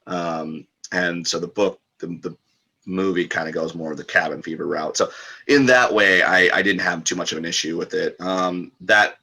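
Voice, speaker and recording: A man with a very low voice that still carries a bright, forward edge. He talks loosely and casually as a podcast guest, circling back with fillers and restarts as he thinks aloud. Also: moderate pace, breathy edge. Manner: rambling, lots of fillers and restarts.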